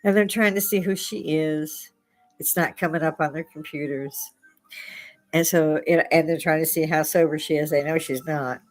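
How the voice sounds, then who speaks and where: A woman's voice: low voice, steady tone, moderate pace. A woman hosting a casual chat, telling spooky stories and laughing often as she goes. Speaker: host. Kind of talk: casual storytelling.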